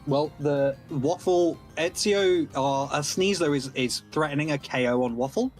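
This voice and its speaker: A man giving live play-by-play commentary on a competitive game tournament, excitable and analytical. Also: fairly high pitch, unhurried, faint music behind.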